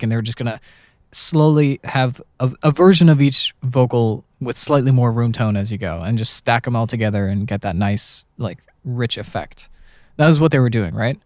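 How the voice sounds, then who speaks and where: A male podcast host telling stories with animated energy, at a mid-range pitch. The sound is dry and close to the mic. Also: normal speed, no echo. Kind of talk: casual podcast chat, storytelling.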